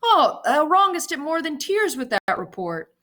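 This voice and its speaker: A woman's voice: high-pitched, very animated, moderate pace, bright, forceful tone, voice pushed up, heavily acted. A woman doing a cocky young nobleman. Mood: smug. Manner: smug, self-assured.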